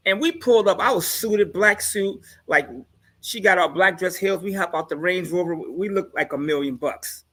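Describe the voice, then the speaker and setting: A man's voice: high-pitched, moderate pace, sharp tone. Man guest, easygoing storyteller, boastful, chuckles at his own lines. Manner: laid-back, boastful, laughs at his own jokes. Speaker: guest on a live discussion show. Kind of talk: casual chat, storytelling.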